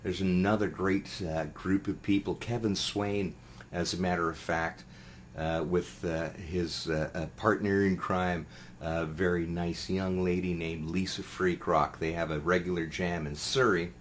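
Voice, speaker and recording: Middle-aged musician guest, low voice, loose and rambling, faint background hiss. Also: male voice, steady tone, unhurried. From Canada. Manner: rambling, many fillers and restarts. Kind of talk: casual interview chat.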